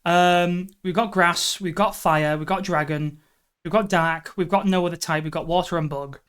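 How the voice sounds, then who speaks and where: A woman's voice: lowish voice, fairly even intonation, normal speed, clear, resonant tone. A woman streaming live, thinking aloud through a guessing game and breaking into exasperated outbursts. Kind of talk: live stream chat while gaming.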